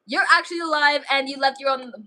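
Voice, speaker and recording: A woman plays a tough, protective sister who threatens and commands. The voice stays high and bright, pressing hard on each order. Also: fairly even intonation, quick pace. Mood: stern.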